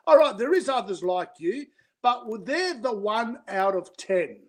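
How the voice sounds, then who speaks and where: Very high-voiced man chatting. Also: sing-song, unhurried. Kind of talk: casual livestream chat.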